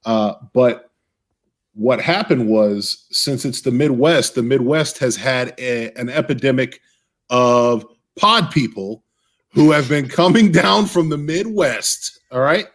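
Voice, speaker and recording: A man appearing as a guest author on a video call, making up a comic story on the spot, with halting starts and many fillers. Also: medium pitch, fairly bright tone.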